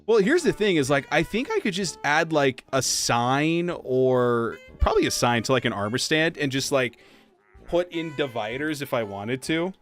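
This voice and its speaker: A man hosting a casual game livestream, greeting viewers by name and answering their chat in a relaxed, joking way. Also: medium pitch, moderate pace. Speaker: streamer host. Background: soft jazz music.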